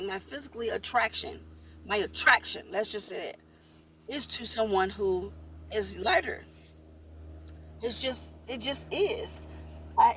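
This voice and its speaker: A woman's voice: medium pitch, a bit bright, slight background noise. A woman vlogging in a casual monologue, talking bluntly and rambling, repeating herself while she eats. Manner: talks while eating.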